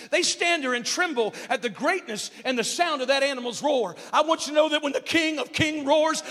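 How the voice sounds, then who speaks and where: A man preaching a sermon as pastor, emphatic and rising to shouts on key phrases, then dropping to soft asides, in a church sanctuary. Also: extremely high pitch. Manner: drops to soft, hushed asides. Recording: long hall reverb.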